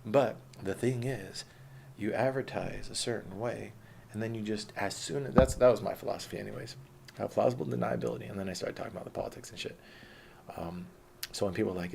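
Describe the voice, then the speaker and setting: Gravelly profane man ranting. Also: lowish voice, fairly even intonation, fast, a little mellow, slight background noise. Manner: profane, combative, mocking. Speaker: vlogger. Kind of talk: unscripted rant.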